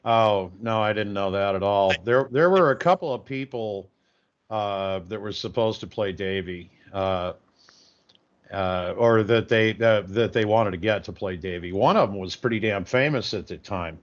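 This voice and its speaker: Low-pitched co-host, rambles with lots of uhs, dull lo-fi audio. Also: male voice, moderate pace. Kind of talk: casual call-in chat.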